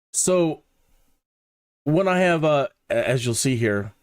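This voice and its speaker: Speaking close to a desk mic with no echo, this man narrates his flight simulator run in a medium pitch. As a flight sim video host, he keeps the gameplay talk casual, with a mannered, storytelling and self-deprecating tone.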